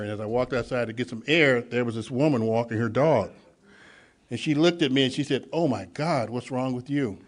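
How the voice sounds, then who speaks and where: A man speaking at a recovery meeting, telling his own story and acting out the dialogue, swinging from hushed to loud. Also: fairly low pitch. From Los Angeles. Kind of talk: personal testimony at a meeting.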